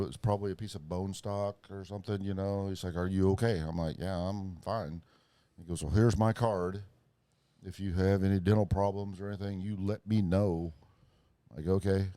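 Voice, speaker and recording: A man on a casual podcast, telling a story in a rambling, profane way with lots of fillers and restarts. His voice sits on the low side. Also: fairly even intonation, normal speed, warm tone, dry recording. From Springfield, Missouri area. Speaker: podcast co-host.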